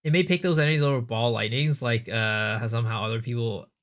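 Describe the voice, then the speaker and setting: A man's voice: medium pitch, fairly even intonation, quick pace. A man streaming live, chatting casually and thinking aloud as he answers viewer questions, with frequent restarts.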